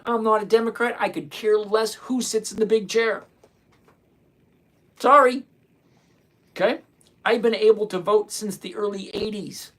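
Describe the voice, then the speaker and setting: A man's voice: sits high, gravelly. A man in his sixties hosting a live stream, reading chat questions aloud and answering in a blunt, dismissive way. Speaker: livestream host answering chat.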